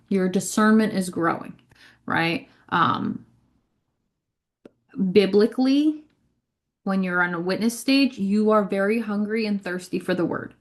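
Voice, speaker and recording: A woman's voice: mid-range voice, unhurried, pauses often. Chatty woman giving spiritual teaching. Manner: conversational, frequent "right?" and "like", repeats words. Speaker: ministry leader. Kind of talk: casual spiritual teaching monologue.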